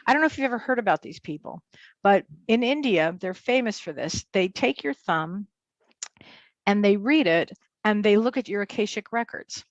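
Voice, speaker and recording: A woman working as a medium tells a personal story as an interview guest, fast and vivid, acting out the dialogue. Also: mid-range voice, expressive, no echo, muffled recording.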